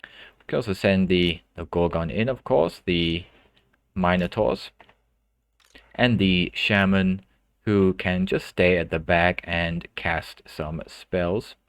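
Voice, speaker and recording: A man giving calm, explanatory gameplay commentary as a tutorial host, often repeating a word as he thinks aloud. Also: low voice, takes it slowly, clear, resonant tone, no echo.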